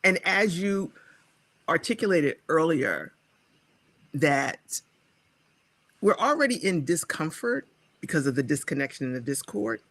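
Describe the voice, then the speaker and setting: A woman guest speaker, a scholar and writer, telling her personal story in a reflective, animated way. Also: sits low, unhurried, long pauses, no echo. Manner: animated, acts out her own past dialogue.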